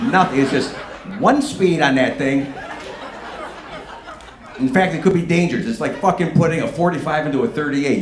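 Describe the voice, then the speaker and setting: A man in his fifties doing a stand-up comedy set, with a profane, animated, punchy delivery. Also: medium pitch. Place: comedy venue on stage. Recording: echoey room with background noise.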